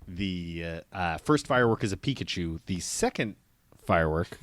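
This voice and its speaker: A podcast co-host with a lowish voice, making dry, deadpan asides. The sound is close and dry. His delivery is unhurried and understated. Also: no room sound. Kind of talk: casual comedic chat.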